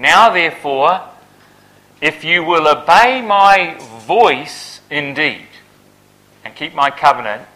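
A man preaches a Bible sermon, swelling to loud, emphatic peaks before dropping back to a low, quiet delivery. The recording is rough.

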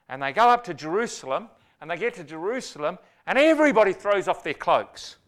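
A man preaching a sermon, telling stories in an animated way and acting out quotes with sudden loud bursts. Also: fairly high pitch, moderate pace.

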